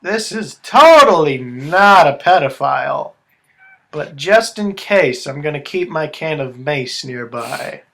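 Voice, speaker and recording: A man voicing a sarcastic, unfazed little girl in his own slightly high voice, talking dryly and slowly. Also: expressive, gravelly, fairly bright tone, exaggerated voice. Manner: dry, sarcastic.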